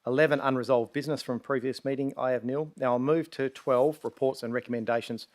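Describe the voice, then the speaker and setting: A man presiding over a council meeting, moving briskly through procedural items and fielding questions. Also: mid-range voice, steady tone. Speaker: presiding mayor chairing the meeting. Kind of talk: chairing a formal council meeting.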